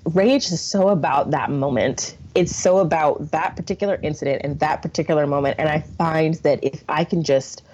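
A woman guest on a podcast, telling stories with animation and acting out the voices she quotes. Her voice is low-pitched and husky. The recording sounds dull and lo-fi. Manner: animated storyteller, acts out quotes. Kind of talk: casual chat.

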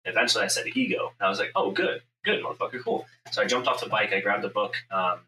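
Intense profane man, bright echoey sound. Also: fairly low pitch, fairly even intonation, racing. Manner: intense, profane storytelling, acts out his inner voice. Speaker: podcast host, business owner. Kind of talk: casual podcast chat. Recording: echoey room, mic at a distance, faint ambient noise.

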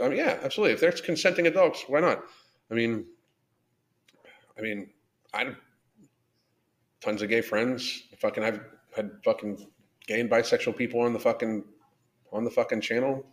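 A man's voice: medium pitch, normal speed, long pauses. A man hosting a live podcast, ranting bluntly and swearing a lot while reading out viewer comments. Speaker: podcast host. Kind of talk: live-stream rant reading chat.

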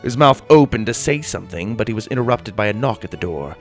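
A male narrator reading a children's story aloud with animated, expressive delivery. His pitch rises and falls in wide, lively sweeps over a mid-range voice, with faint violin music underneath. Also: fast.

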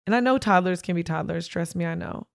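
Low-voiced woman telling a frank story. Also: fast talker, vocal fry, no echo, studio quality. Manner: frank, emphatic, talks straight to listeners. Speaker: podcast host. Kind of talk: candid personal storytelling monologue.

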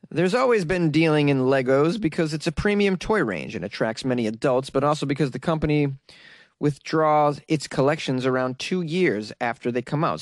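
A man's voice: medium pitch, no room sound, studio quality. A young man from Massachusetts hosting casual news commentary, with joking, sarcastic asides. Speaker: host.

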